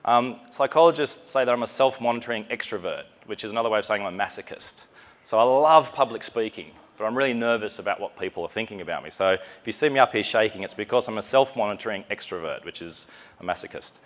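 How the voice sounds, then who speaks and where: An Australian man with an Australian accent gives a chatty, joking, self-deprecating live talk on stage in a conference session room. His voice sits on the low side, with lively intonation and a fast pace.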